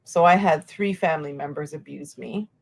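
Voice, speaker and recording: A woman with a lowish voice hosts a conversational podcast interview. She speaks earnestly and haltingly, pausing on fillers and restarting her sentences. Her tone is steady and supportive. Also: vocal fry. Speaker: podcast host.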